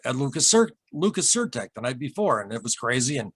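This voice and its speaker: A man with a husky, mid-pitched voice recounts a strange personal encounter as a podcast guest. He speaks earnestly and haltingly, circling back and repeating himself. The sound is dry and close. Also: very animated, fairly bright tone, no echo. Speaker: podcast guest, UFO experiencer. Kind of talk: emotional storytelling interview.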